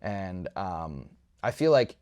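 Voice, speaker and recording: A young man co-hosting a casual movie review podcast, retelling scenes in an animated, jokey way. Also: deep voice, slow. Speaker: podcast co-host.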